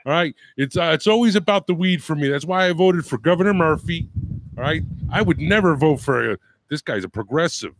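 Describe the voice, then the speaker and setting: A man's voice: fairly high pitch, animated, fairly quick, a little hiss or hum, poor audio. A man on a casual podcast chat, teasing the others and using slang like "bro".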